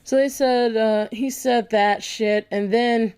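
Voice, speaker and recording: A woman's voice: a little high, fairly even intonation, slow, darkish tone, clear, resonant tone. A young woman ranting angrily to camera in a vlog. She is blunt and heated, and she swears freely as she argues her point. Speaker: vlogger. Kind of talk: angry opinion rant.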